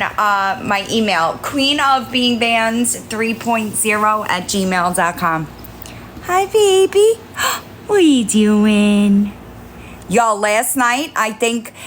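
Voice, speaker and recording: A woman hosting a casual livestream from home on her phone, switching between high sing-song baby talk to her kittens and chatty remarks to viewers. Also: a bit bright, a little hiss or hum. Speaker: livestream host.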